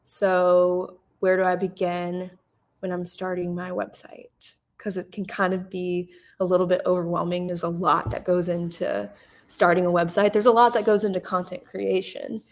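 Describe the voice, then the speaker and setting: A young adult woman walks an audience through advice in a relaxed webinar. Her voice sits a little low for a woman. She talks casually, leaning on "um" as she gathers her thoughts. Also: moderate pace. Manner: casual, filler-heavy explaining with frequent "um". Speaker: ad network support manager. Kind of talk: webinar presentation.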